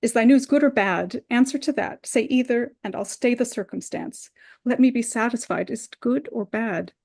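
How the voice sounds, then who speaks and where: A woman's voice: fairly high pitch, moderate pace, creaky, darkish tone. A woman reading the part of a young girl in love, impatient and pleading, in a Shakespeare play reading. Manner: urgent, pleading, rising exclamations.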